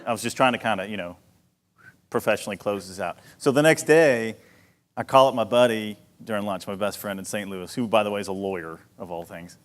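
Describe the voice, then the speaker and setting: A man's voice: lowish voice, a little fast. A man as a talk-show guest telling a self-deprecating story, acting out his own lines. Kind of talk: storytelling interview. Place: church event stage.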